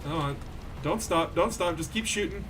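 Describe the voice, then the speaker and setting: A young man giving animated gameplay commentary as a streamer, yelling when things get exciting. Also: on the high side, normal speed, slight background noise. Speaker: game streamer.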